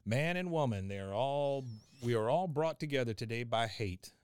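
A solemn female minister speaks to her congregation, read by a man in a podcast recap. Her delivery is earnest and slightly raised. The voice is clear and the sound is dry. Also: mid-range voice, lively intonation, normal speed, no room sound, natural voice.

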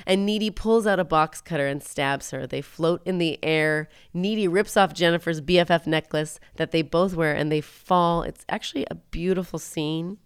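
A woman's voice: fairly low pitch, normal speed, few pauses, clean tone, no room sound. A woman casually retelling a film plot in close detail, jumping into the characters' lines as she goes. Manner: animated storyteller, acts out quotes.

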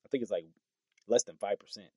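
A man's voice: fairly low pitch, brisk, slightly rough, dry recording. A man giving casual political commentary, reading tweets aloud and reacting with incredulous, stumbling remarks and short laughs. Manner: animated, incredulous, stumbles over words with laughs.

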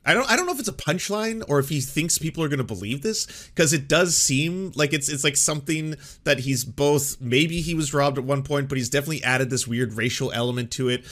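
Male streamer, crisp bright tone, loose stammering chatter. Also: a little high, fairly quick, hardly any pauses. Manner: rambling, stammers and restarts often. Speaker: streamer reacting to a clip. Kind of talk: casual live-stream commentary.

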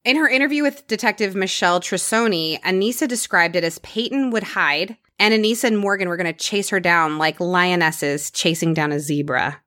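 A woman's voice: lowish voice, normal speed, hardly any pauses, bright, forceful tone, dry recording, clean studio sound. A woman hosting a podcast, telling a true crime story in a casual conversational way and dropping her voice for grim details.

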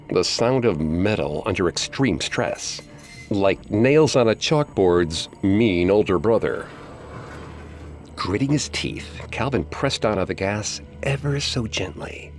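A man reading a horror story aloud in a measured, suspenseful way. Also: low-pitched. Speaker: narrator. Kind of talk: scripted horror story narration.

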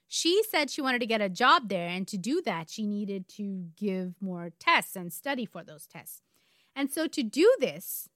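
A woman's voice: mid-range voice, fairly bright tone, no echo. Casting: woman in her forties from India, true crime podcast co-host, chatty and wry, dry close sound. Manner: conversational, wry asides. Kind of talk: casual true crime storytelling.

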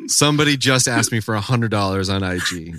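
A man's voice: lively intonation, brisk, pushed and bright, dry recording, clean studio sound. A young man co-hosting a podcast in casual chat, joking and slipping into silly voices. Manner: jokey, puts on silly high voices. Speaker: podcast co-host.

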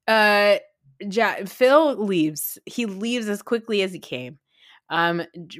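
A woman hosts a casual podcast chat, laughing through her lines and swearing freely with excitable energy. Her voice sits at an ordinary middle pitch. The recording is dry and close, with no room sound. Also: no room sound. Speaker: podcast host. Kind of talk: casual reality TV recap.

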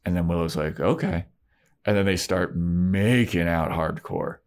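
A man's voice: sits low, unhurried. A man co-hosting a casual podcast, recapping a TV episode and acting out the characters' lines. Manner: animated retelling, acts out characters' lines. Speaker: podcast co-host.

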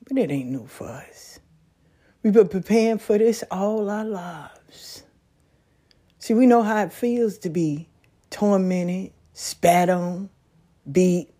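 Folksy woman spinning a story. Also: on the low side. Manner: folksy, animated storytelling with laughs. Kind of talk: casual monologue. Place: back porch, outdoors.

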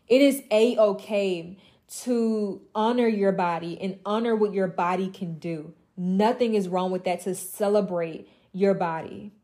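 A woman's voice: medium pitch, slow pace, dark tone. A young woman mentoring other women in an impassioned motivational monologue, emphatic and blunt, with profane, mocking asides.

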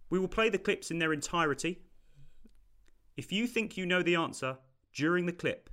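A man with a bright, sharp-edged voice hosts a podcast quiz. He explains rules and scores with an upbeat, wry tone. He is recorded over a video call. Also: high voice. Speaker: quiz host.

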